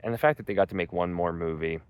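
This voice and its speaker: A young man with a deep, smooth voice reviews a movie quickly in a casual, rambling way, swearing freely and filling his speech with "like" and "um."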